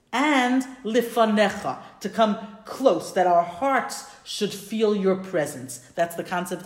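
A woman teaching a prayer lesson, telling a story with enthusiasm and correcting herself as she thinks aloud. Her voice sits at an ordinary middle pitch. The room is roomy and echoing. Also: a little mellow. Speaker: religious teacher. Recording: roomy echo.

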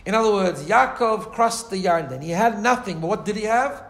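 Brisk and animated, this male Torah teacher speaks with a high, creaky, fairly bright voice and barely pauses. His accent blends Orthodox Jewish English with Ashkenazi Hebrew. Chatty throughout, he repeats himself and keeps tossing in "right?"

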